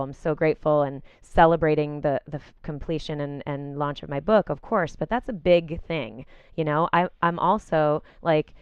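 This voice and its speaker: A woman's voice: low-pitched, clear, resonant tone, dry recording. A woman co-hosting a casual podcast, chatty, laughing often and full of "you know" and "like" fillers. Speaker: podcast co-host.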